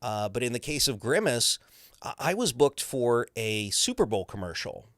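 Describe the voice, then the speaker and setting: Animated male voice actor telling stories. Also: mid-range voice, moderate pace, no echo, clean studio sound. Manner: lively, breaks into character voices and laughs. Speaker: voice actor guest. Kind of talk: animated interview storytelling.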